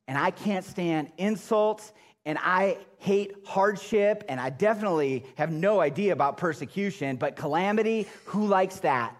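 High-voiced animated preaching man. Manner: animated, swings between loud emphatic bursts and low hushed lines. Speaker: pastor. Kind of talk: sermon.

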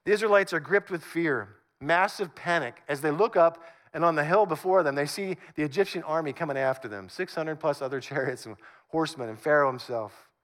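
Animated high-voiced pastor preaching. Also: male voice, brisk. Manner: animated, conversational, acts out scripture. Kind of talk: sermon.

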